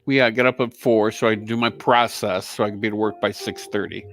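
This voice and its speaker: A man chatting casually on a show, telling a lively story with swearing and acted-out quotes. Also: fairly quick. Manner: animated, swearing, acts out quotes in a high voice. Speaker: co-host, guest telling a story.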